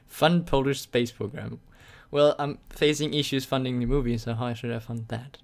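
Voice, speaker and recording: A young native German speaker with a German accent hosts a casual live stream on his YouTube channel, reading chat questions aloud and answering with sarcastic jokes and plenty of laughter. His mid-range voice is gravelly, with fairly even intonation, a moderate pace, and hardly any pauses.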